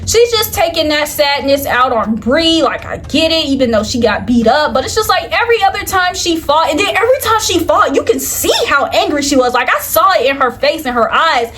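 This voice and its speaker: Young woman, high-pitched, very animated, casual commentary. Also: a little fast, hardly any pauses, noisy background. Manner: chatty, animated, frequent "like, girl" asides. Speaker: reality TV commentator.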